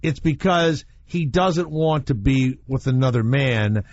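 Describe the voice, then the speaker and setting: Animated, rambling male radio host. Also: medium pitch, measured pace, a little hiss or hum. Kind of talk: casual talk radio chat. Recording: muffled radio broadcast.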